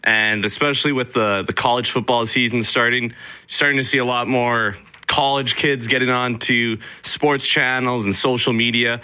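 A young man from Canada, animated and laughing as he talks on a radio show. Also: mid-range voice, moderate pace, clear, resonant tone. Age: young adult. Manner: animated, laughs while ranting. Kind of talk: casual radio chat.

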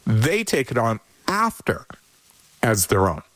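A man's voice: mid-range voice, no echo. A man giving parenting advice in an easygoing conversational way, now and then acting out worried parents and children. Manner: animated, acts out parents and kids in quick voices. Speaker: parenting expert guest.

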